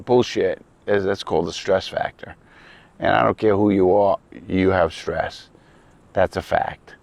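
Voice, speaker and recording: A man's voice: deep voice, fairly even intonation, a little slow, gravelly, dry recording, highs cut off. A man from New York City with a New York accent, talking bluntly and with a lot of swearing to the camera, outdoors at a lakeside campground. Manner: blunt, profane, rambling and earnest. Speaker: ex-criminal vlogger. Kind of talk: casual outdoor talk to camera.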